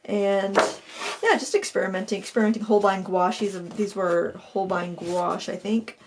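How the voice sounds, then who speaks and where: A woman's voice: mid-range voice, steady tone, moderate pace, slight background noise. A middle-aged woman hosting an art channel, chatting casually as she pages through a sketchbook, with fillers and self-corrections.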